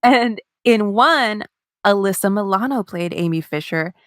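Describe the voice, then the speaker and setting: A woman's voice: medium pitch, animated, measured pace, no room sound, clean studio sound. A woman in her thirties co-hosting a podcast, telling a story in casual chat, swearing and laughing often. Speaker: podcast co-host.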